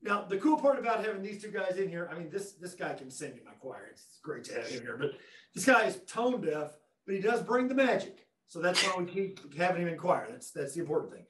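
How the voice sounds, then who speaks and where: This education technology presenter, a man with a fairly high voice, talks a little fast while demonstrating a webinar from his classroom. He's enthusiastic and jokey, addressing viewers directly, and the conference mics placed across the room lend his voice an echoey, roomy quality.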